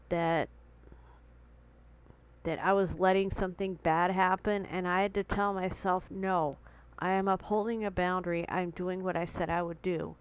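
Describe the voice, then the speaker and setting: A woman's voice: lowish voice, smooth, low-quality recording. Shaken woman retelling a confrontation. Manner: earnest, emotional retelling with quoted dialogue. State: heart pounding, shaken. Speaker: vlogger. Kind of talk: personal storytelling vlog. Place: at home.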